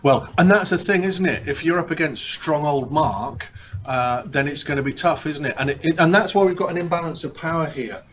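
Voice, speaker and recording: A man's voice: fairly high pitch, a little fast, fairly bright tone, muffled recording, slight background noise. Man giving a chatty seminar talk. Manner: conversational, asks rhetorical tag questions. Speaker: negotiation speaker. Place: meeting room with an audience.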